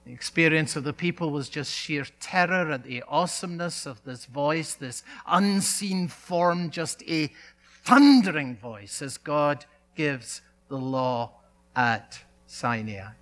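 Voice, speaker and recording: A male pastor delivering a sermon, speaking in emphatic phrases with dramatic pauses and repetition. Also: on the high side, a bit bright.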